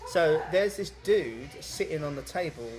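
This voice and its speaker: A man's voice: fairly high pitch, animated, unhurried, over music, poor audio. Rambling, swearing young man. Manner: rambling, swears a lot, many fillers. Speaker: podcast co-host. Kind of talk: casual storytelling chat.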